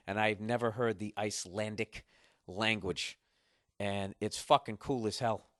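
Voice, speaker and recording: A male comedian ranting profanely in a comedic podcast, animated and building to loud outbursts. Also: lowish voice, normal speed, dry recording, clean studio sound.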